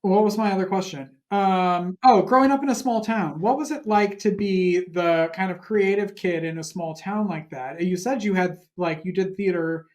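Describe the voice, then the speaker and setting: A podcast host from northern Wisconsin asks questions in a relaxed, conversational way. The tone is friendly and curious, and the voice sits at a middling pitch. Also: moderate pace, hardly any pauses. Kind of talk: casual interview questions.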